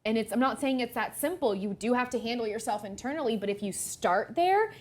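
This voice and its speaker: A woman co-hosting a podcast in easy, casual chat. Her voice sits fairly high, and she tells stories animatedly, putting on the voices of the people she quotes. She talks like a friend catching up. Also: a little fast. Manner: animated storyteller, acts out quotes. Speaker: podcast co-host.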